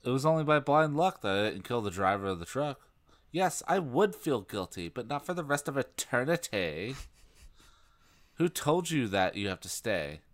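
A man's voice: medium pitch, sing-song, moderate pace. A man co-hosting a comedy podcast, reading a book aloud with dry, mocking asides. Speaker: podcast co-host.

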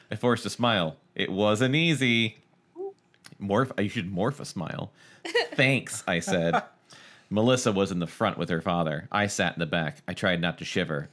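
A man co-hosting a podcast, reading aloud and joking, laughing often. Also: deep voice. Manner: animated, laughs often, jokes over the reading. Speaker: podcast co-host. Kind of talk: casual chat and read-aloud.

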